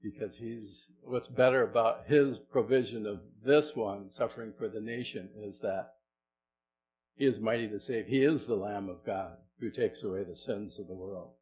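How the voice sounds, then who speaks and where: A middle-aged man, a pastor, preaching a sermon in a conversational way, asking the congregation questions and moving between soft and loud delivery. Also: on the low side, normal speed, slight background noise, poor audio.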